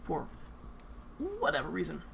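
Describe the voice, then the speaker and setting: A woman's voice: deep voice, moderate pace, creaky, noisy background. A woman hosting a tabletop game stream as game master, chatting casually, often laughing and repeating words as she rambles.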